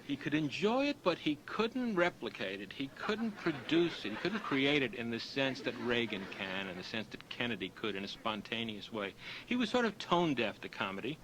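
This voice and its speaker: Lecturer, man, lively storyteller, faint room noise. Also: medium pitch, normal speed, low-quality recording. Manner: storytelling, acts out punchlines with raised voice. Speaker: author giving a talk. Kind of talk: lecture with anecdotes.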